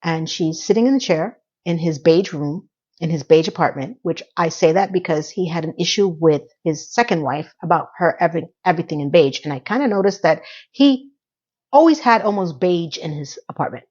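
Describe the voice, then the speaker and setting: A woman's voice: lowish voice, expressive, normal speed, a little mellow, slightly rough. A middle-aged woman recapping a TV episode in a casual vlog, chatty and sarcastic, with plenty of offhand asides. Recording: slightly dull lo-fi audio.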